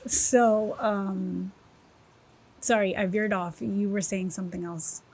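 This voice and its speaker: A woman as a podcast guest, telling her personal story in a candid, emotional, animated way. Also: mid-range voice, takes it slowly. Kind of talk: personal testimony interview.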